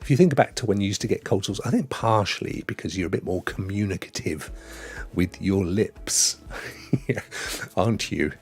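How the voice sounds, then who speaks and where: A man's voice: deep voice, moderate pace, breathy edge. A man hosting a live gaming stream, chatting and joking with viewers in a rambling way. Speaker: gaming show host.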